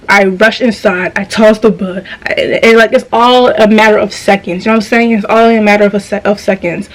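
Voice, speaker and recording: A woman's voice: medium pitch, fairly even intonation, brisk, low-quality recording. A young woman vlogger telling a dream story in a casual, slangy, profane way, often restarting her sentences.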